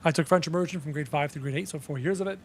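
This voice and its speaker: A man's voice: a little high, very fast, a little hiss or hum. A Canadian man streaming a game, chatting casually with viewers and muttering as he reads lists aloud, with faint music behind him. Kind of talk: casual live-stream chat.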